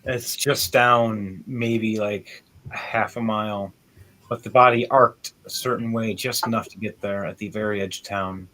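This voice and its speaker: A man narrating a tabletop game as game master, animated and laughing often as he describes the action. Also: lowish voice, soft background music. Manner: animated, laughs often, does quick voices.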